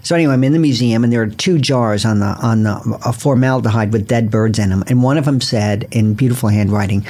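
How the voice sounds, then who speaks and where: A man with a husky, mid-range voice talks as a guest author on a podcast. His delivery is dry and blunt, and he tells stories with a deadpan edge. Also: mid-range voice, fast, few pauses. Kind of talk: casual interview chat.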